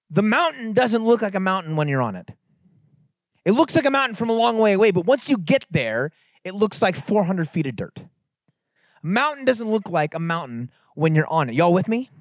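A middle-aged man from the San Francisco Bay Area, telling a story and preaching at a youth conference in an animated, conversational way. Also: high voice, no echo, studio quality. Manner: animated, conversational, builds to emphatic exhortation. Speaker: conference speaker. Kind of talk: sermon-style storytelling talk.

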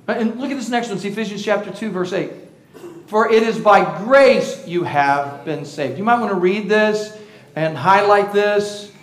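Preaching in church, this man's voice sits high and moves at a moderate pace as he engages the congregation with questions and self-teasing humor. The audio is poor and roomy.

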